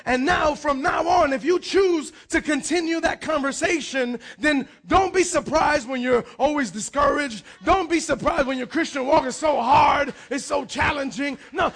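High-pitched, gravelly pastor preaching loudly. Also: male voice, normal speed, hardly any pauses. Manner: energetic preaching with frequent shouts and repeated words. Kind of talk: sermon.

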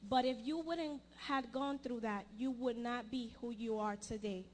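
A young woman giving a personal testimony in church, earnest and halting, often restarting her sentences. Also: fairly high pitch, darkish tone, slight background noise.

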